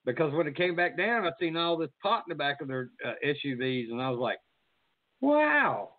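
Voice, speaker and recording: A man's voice: a little high, fast, dry recording. Man yarning over a phone line. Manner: rambling storyteller, swears freely. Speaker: host. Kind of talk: casual chat.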